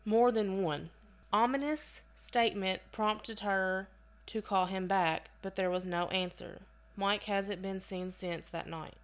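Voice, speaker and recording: A woman's voice: medium pitch, fairly even intonation, slow. A woman co-hosting a casual podcast, reading case notes aloud and breaking off into chatty asides. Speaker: podcast co-host.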